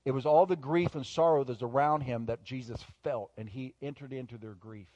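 A male pastor preaching a sermon, moving between quiet, intimate asides and loud, emphatic bursts. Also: medium pitch, brisk, no echo, dull audio.

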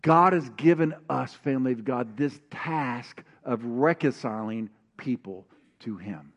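A man preaching a sermon as pastor, telling a personal story and reading scripture, animated and calling on the congregation to answer back. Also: medium pitch, a little slow, lo-fi sound. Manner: animated, calls for congregation responses.

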